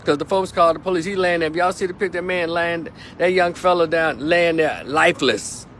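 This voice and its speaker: A man's voice: on the high side, brisk, a bit bright, a little hiss or hum. A man giving an indignant, preachy opinion rant to camera, often repeating words as he restarts his sentences. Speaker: opinion commentator.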